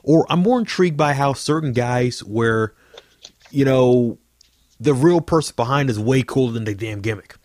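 A man's voice: medium pitch, a little mellow, no echo. A man hosting a casual podcast, telling stories with plenty of swearing and fillers. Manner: fast, profane storytelling, lots of fillers. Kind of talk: casual chat.

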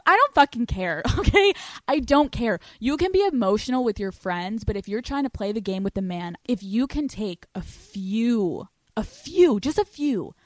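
A young adult woman hosting a podcast, giving blunt, profane dating advice in a casual, animated monologue. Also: mid-range voice, no room sound. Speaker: podcast host.

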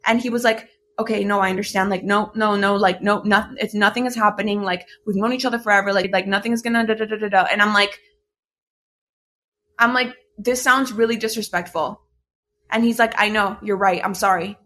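A woman's voice: mid-range voice, fairly quick. Young woman telling a story, casual and profane. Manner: animated, swearing, many "like" fillers. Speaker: storyteller recounting a breakup. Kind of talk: casual chat.

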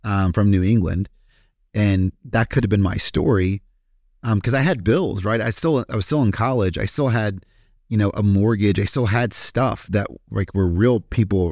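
Kentucky man with a low, dry voice. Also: moderate pace, darkish tone, dry recording. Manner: candid and profane, with frequent fillers. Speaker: podcast guest. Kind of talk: casual storytelling interview.

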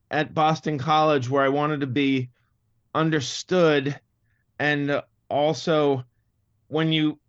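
A man's voice: on the high side, clean tone, no echo, dull audio. A man in his fifties from Massachusetts, speaking in a neutral Midwestern-style American accent as an interview guest, thoughtful and full of stammering restarts. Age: 50s. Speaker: comedian guest. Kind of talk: interview conversation.

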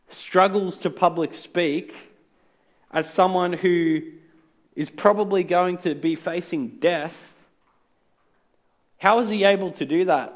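A man preaching a sermon in an earnest, conversational way with touches of humor. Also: on the high side. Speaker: pastor. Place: church.

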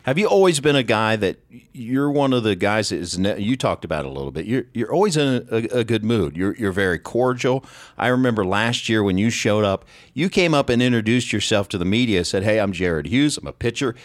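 A man's voice: on the low side, expressive, a little fast, dry recording, clean studio sound. A middle-aged man hosting a sports podcast, asking questions with enthusiasm and acting out quotes. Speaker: podcast host, sports reporter. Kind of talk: interview.

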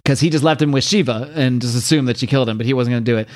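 A man hosting a podcast, casually retelling a comic book's plot in a halting, filler-heavy way. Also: mid-range voice, darkish tone. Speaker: podcast host. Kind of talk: casual comic-book recap.

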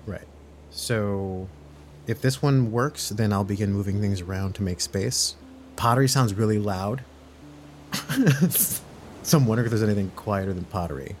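A man playing a tabletop horror game, deliberately talking through his character's plans out loud. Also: lowish voice, a little hiss or hum. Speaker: player.

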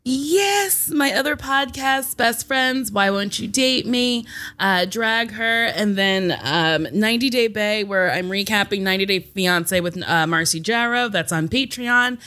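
A woman's voice: medium pitch, measured pace, sharp tone. A woman co-hosting a podcast, chatting casually with blunt, crude humor. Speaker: podcast co-host. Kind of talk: casual chat.

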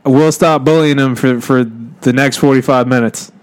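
A man's voice: mid-range voice, moderate pace. A man co-hosting, telling an improvised comedy story with lots of laughter. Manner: animated, laughing often.

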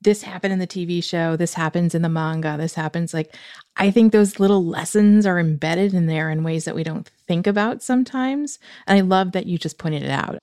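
A woman's voice: fairly low pitch, a little fast, dark tone, dry recording, studio quality. A woman co-hosting a podcast, asking questions in a chatty manner. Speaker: podcast co-host. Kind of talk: casual podcast interview.

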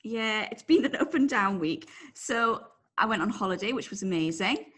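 A woman's voice: medium pitch, lively intonation, moderate pace, a bit bright, husky. A woman hosting a podcast, chatting in a friendly, upbeat way and laughing along with her co-host. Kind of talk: casual chat.

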